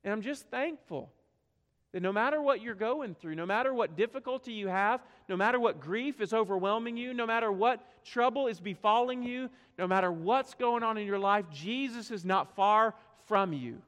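Male pastor, high voice, earnest sermon delivery, reverberant sanctuary. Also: normal speed, a bit bright. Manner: earnest, swells and drops, rhetorical questions. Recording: long hall reverb.

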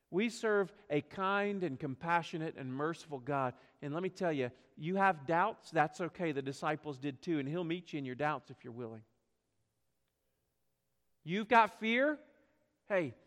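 Male pastor, high voice, earnest sermon delivery, reverberant sanctuary. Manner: earnest, swells and drops, rhetorical questions. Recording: long hall reverb.

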